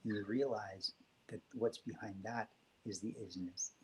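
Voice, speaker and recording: A man speaking as a guest in a reflective spiritual conversation, soft, gentle and unhurried. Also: on the low side, fairly even intonation, a little hiss or hum, rough recording. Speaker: podcast guest.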